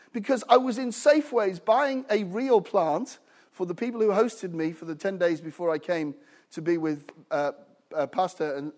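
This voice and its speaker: High-voiced British man preaching. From United Kingdom. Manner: animated preaching with call-and-response and humorous asides. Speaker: visiting preacher. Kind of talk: sermon.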